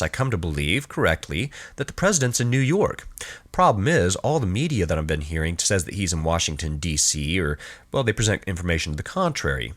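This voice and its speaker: A man's voice: low-pitched, a bit bright. A man lecturing on philosophy, explaining step by step, asking rhetorical questions and stressing key words. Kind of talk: recorded lecture with slides.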